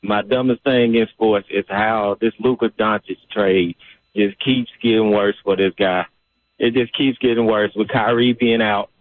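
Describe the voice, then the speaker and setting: A man's voice: on the low side, fairly even intonation, a little slow, no echo. A man calling in to a sports radio show, chatty and amused, heard over a thin phone line. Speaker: caller.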